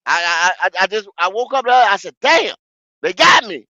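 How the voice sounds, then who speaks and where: A man, hosting a fan podcast, ranting in a profane, repetitive way with sudden shouts. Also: high-pitched, sing-song, normal speed, no room sound, dull audio. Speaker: podcast host. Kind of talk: football fan podcast rant.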